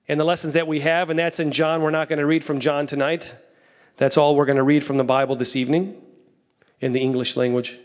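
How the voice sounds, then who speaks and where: A man in his thirties preaching an evening sermon in a church, telling the story with soft low asides and excited raised lines. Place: church sanctuary.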